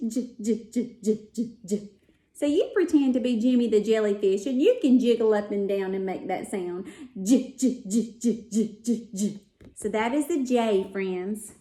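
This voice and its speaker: A woman's voice: high-pitched, darkish tone. A woman teaching preschool phonics, telling little stories and stretching out letter sounds for young children. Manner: storytelling, drawn-out letter sounds. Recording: echoey room.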